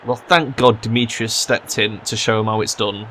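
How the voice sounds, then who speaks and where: A young man commentating his own football management game, swearing and yelling at his players when they mess up. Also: fairly low pitch, fairly even intonation, normal speed, few pauses, slight background noise. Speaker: gaming commentator. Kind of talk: let's play commentary.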